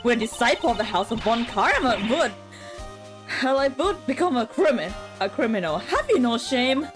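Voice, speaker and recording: A woman's voice: on the high side, very animated, moderate pace, soft background music. Woman voicing a haughty young lady prosecutor. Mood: scornful. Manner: haughty, scolding, attempting a German accent. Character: proud young female prosecutor, harsh. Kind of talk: reading game dialogue aloud.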